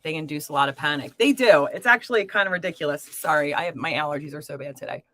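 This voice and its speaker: A woman's voice: low-pitched, fast, no echo. A woman hosting a live tarot reading stream, talking casually to viewers with lots of fillers and pet names. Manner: chatty, warm to viewers, filler-heavy.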